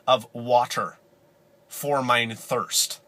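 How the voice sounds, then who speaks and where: A man's voice: mid-range voice, steady tone, extremely slow, fairly bright tone, no echo, pitched below the performer's own voice. A man voicing a demanding pioneer boy from long ago, in an affected old-timey accent with formal, archaic phrasing. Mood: prim, demanding.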